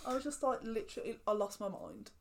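A young woman, co-hosting a casual podcast chat, animated and laughing, swearing casually. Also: fairly high pitch, fast, heavy background noise. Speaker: podcast co-host.

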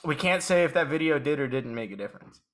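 Guy cohost, deadpan teasing, super lively up and down voice. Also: fairly high pitch, quick pace. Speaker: podcast co-host. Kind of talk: casual chat.

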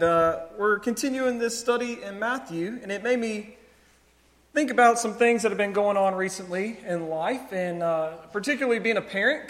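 A man's voice: sits high, fairly bright tone. A man in his thirties preaching a sermon as a pastor, telling stories in a conversational way with light, self-amused laughter. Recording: long reverb of a large hall.

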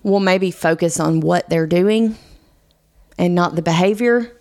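This is a woman with a lowish voice and a gravelly fry running through her words. She co-hosts a casual podcast chat and works through her ideas thoughtfully, with an easy laugh here and there. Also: measured pace, darkish tone. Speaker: podcast co-host.

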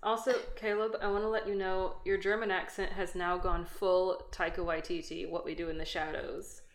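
A woman's voice: fairly low pitch, little pitch movement, moderate pace. A woman playing a tabletop game, chatting casually, teasing and laughing easily. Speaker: player.

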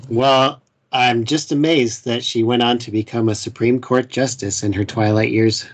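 A podcast co-host with an ordinary middle-pitched voice. He speaks in brief interjections and delivers dry, deadpan gags in a casual tone. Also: moderate pace.

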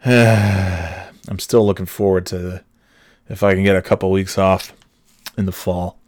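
A man's voice: low-pitched, little pitch movement, unhurried, a little mellow, no echo, clean studio sound. A man hosting his podcast alone, rambling in a casual, profane, sardonic way with plenty of fillers. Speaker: podcast host. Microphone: headphones on, podcast microphone.

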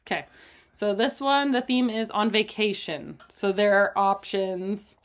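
A woman's voice: mid-range voice, unhurried. Woman, podcast co-host, casual chat, giggly, filler-heavy. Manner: chatty, giggly, lots of fillers.

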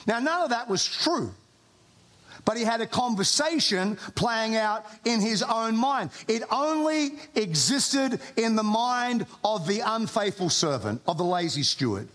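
An Australian man preaching to a congregation, his voice sitting very high for a man. He delivers the sermon in a loose, conversational way, slipping in jokes and often restarting his phrases. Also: animated, a little slow, fairly bright tone. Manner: conversational preaching with humorous asides and repeated restarts. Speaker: pastor. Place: church before a congregation.

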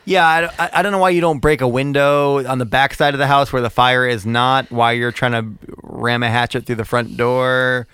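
Smooth-voiced man in casual podcast chat. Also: mid-range voice, fairly even intonation, normal speed, few pauses, pushed and bright, no room sound, studio quality. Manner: easygoing, recounts scenes with laughs. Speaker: podcast co-host. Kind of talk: casual movie discussion.

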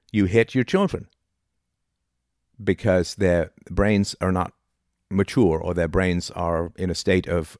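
A middle-aged man with a low, deep voice lectures on philosophy in an argumentative, rhetorical way, constantly checking in with "right?". The sound is close and dry, with no room echo. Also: a little mellow. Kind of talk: informal philosophy talk.

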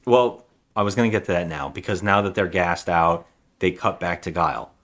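Low-voiced man recapping a film. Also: normal speed, fairly bright tone. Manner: rambling plot recap with restarts. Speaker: podcast co-host. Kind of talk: casual movie review chat.

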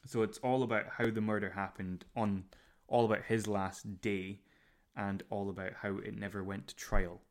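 A man's voice: lowish voice, level tone, normal speed. A man co-hosting a podcast, chatting casually as he runs through a list of upcoming shows. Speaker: podcast co-host. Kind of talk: casual chat.

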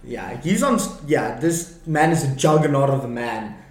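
A man co-hosting a casual politics podcast, jokey and quick to laugh. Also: mid-range voice, echoey room. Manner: laughs often, lively, jokey asides. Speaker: podcast co-host. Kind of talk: casual chat.

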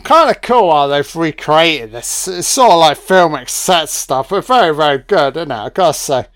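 A drunk man rambling and swearing excitedly through a film commentary. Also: fairly high pitch, normal speed, dry recording, studio quality. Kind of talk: audio commentary over a film.

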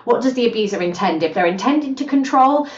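A woman, a guest on a podcast, talking in a lively conversational way and acting out quoted voices. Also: on the high side, fast talker. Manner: animated, acts out quoted voices. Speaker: podcast guest, gender justice specialist. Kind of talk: conversational interview. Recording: roomy, distant, dull podcast audio.

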